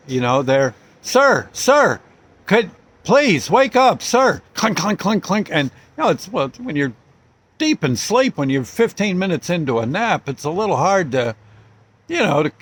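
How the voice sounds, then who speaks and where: Rambling older-sounding man telling a story. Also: fairly high pitch. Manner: rambling, halting, chuckling. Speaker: storyteller host. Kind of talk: casual storytelling.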